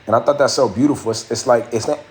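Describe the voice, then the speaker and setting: A man's voice: mid-range voice, quick pace, darkish tone. A man hosting a casual livestream, talking loosely and repeating words as he works things out. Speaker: livestream host and rapper. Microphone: phone.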